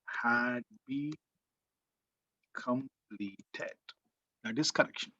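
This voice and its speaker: Indian english guy teaching grammar, slow and a bit high, keeps asking the class stuff, muffled dull audio. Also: lively intonation. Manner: repeats key words, asks the class questions. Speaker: college English lecturer.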